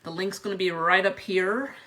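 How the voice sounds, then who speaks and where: A woman's voice: medium pitch, fairly even intonation, moderate pace, sharp tone. A young woman chatting casually through an unboxing video, laughing often between her remarks. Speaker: vlogger reviewing a product.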